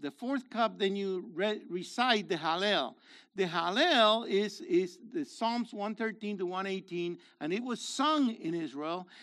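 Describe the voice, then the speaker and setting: Animated high-voiced male preacher. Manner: animated and conversational, swinging from loud to quiet. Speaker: pastor. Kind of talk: sermon.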